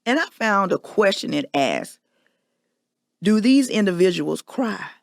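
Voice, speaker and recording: Woman host, candid confessional monologue, gravelly tone, dry close recording. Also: medium pitch, sing-song, unhurried, no room sound. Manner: candid, emphatic storytelling. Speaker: podcast host.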